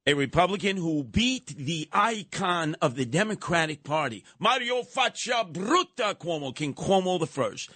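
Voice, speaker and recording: A man's voice: fairly high pitch, big pitch swings, normal speed, few pauses, pushed and bright, no room sound. A man hosting a political talk radio show, combative and mocking. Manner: combative, mocking, uses nicknames.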